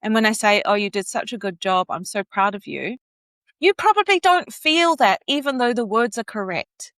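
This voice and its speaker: Woman, coach guest; expressive, dry booth sound. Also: on the high side, normal speed, dry recording. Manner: expressive, demonstrates vocal inflection. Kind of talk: podcast interview.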